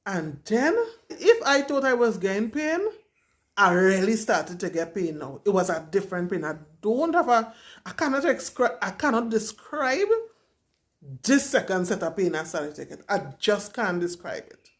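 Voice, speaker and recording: A woman's voice: mid-range voice, big pitch swings, moderate pace. Dramatic young woman storyteller. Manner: candid, dramatic, emphatic retelling. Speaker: vlogger. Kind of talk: casual storytelling to camera.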